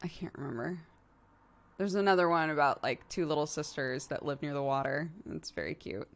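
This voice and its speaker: A woman's voice: deep voice, fairly quick. A woman streamer in casual livestream chat, rambling playfully and laughing often.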